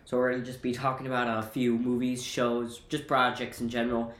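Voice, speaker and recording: A man's voice: mid-range voice, monotone, a little fast, a bit bright. A man with a slight cold co-hosting a casual podcast. He leads the talk and asks the others questions. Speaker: podcast co-host. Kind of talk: casual chat. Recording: echoey room.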